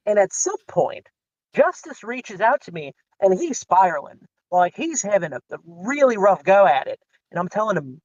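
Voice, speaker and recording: A man guest telling a long story in casual chat, rambling and animated, acting out the lines of others. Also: high-pitched, normal speed, no room sound. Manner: rambling, animated retelling with quoted dialogue. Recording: slightly dull lo-fi sound.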